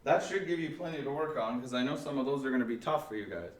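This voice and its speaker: Here the music teacher sounds animated and fast, his voice sitting in the mid range. He explains a remote band lesson patiently, one step at a time, and restarts along the way, in an echoey space with faint noise.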